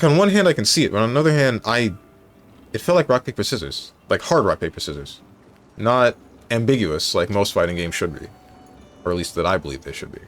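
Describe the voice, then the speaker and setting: A man's voice: fairly low pitch, fairly bright tone. A male streamer chatting casually on a live stream, thinking aloud and correcting himself as he goes.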